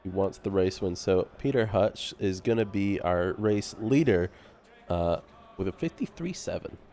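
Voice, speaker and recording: A man doing live sim racing commentary, relaxed and laughing often, tripping over driver names. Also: low voice, a little slow.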